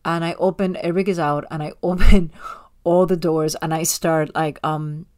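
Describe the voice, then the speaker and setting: Animated woman telling a story. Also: low voice, normal speed. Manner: animated storyteller, many restarts. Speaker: podcast co-host. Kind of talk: casual chat.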